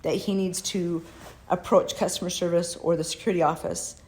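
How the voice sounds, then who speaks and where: Speaking a little fast in a steady tone, a middle-aged woman from the United States talks straight to the camera as a mother. Her deep, darkish voice carries a heartfelt, pleading earnestness in an unscripted personal address.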